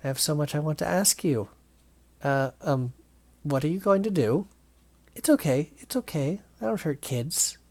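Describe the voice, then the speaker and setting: A man's voice: on the high side, animated, normal speed. A man reading game dialogue aloud, voicing a creepy, cheerful woman dance teacher who turns out to be a villain, in a sing-song, menacing way. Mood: sweetly menacing. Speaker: let's play reader voicing game characters. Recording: loud game music behind.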